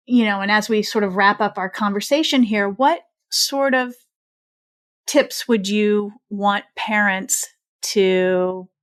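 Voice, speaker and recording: A middle-aged woman hosting a podcast, reflecting and asking questions at a slow pace. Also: mid-range voice. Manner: reflective, asks questions slowly. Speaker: podcast host. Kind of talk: podcast interview.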